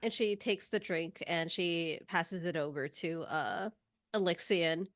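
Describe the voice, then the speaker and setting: A woman's voice: lowish voice, slow pace, a bit bright, dry recording, studio quality. A woman playing a tabletop game, casually describing her character's actions. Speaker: player.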